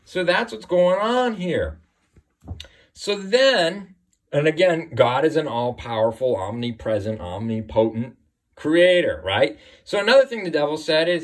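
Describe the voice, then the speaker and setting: Emphatic man teaching scripture, higher-pitched voice. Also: sing-song, unhurried. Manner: emphatic, repeats "right?" often. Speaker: Bible teacher. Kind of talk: informal religious teaching.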